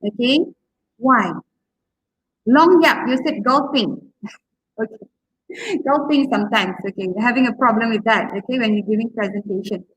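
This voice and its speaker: A woman's voice: fairly high pitch, normal speed, pauses often, a bit bright, husky, poor audio. A woman lecturing on public speaking, who asks her class questions and pads her talk with "okay" and "right". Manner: encouraging, asks questions, many okays and fillers. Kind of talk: interactive online lecture.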